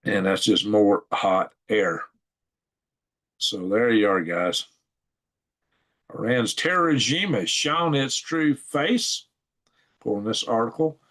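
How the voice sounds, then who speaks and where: A man's voice: lowish voice, slow pace, long pauses, fairly bright tone. Rambling chuckling man. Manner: rambling, chuckling, thinking aloud. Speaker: channel host reading news articles. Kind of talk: casual screen-share news commentary. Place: at home at a computer.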